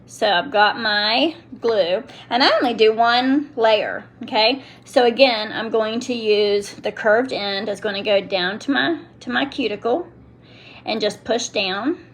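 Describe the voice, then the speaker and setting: A woman's voice: on the high side, a bit bright. A middle-aged woman chatting casually while demonstrating a product to viewers, often breaking off mid-sentence. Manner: chatty, self-interrupting, talks to viewers and kids. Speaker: nail product seller demonstrating on a live stream.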